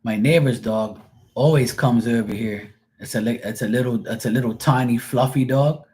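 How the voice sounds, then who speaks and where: A man's voice: medium pitch, normal speed, dark tone. A middle-aged man hosting a live stream, chatting casually and rambling through stories, acting out the people in them. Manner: rambling, storytelling with voiced quotes. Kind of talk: casual chat.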